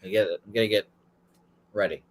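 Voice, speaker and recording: A man's voice: fairly low pitch, steady tone, quick pace. A man hosting a sports betting show in casual chat, rambling and swearing freely.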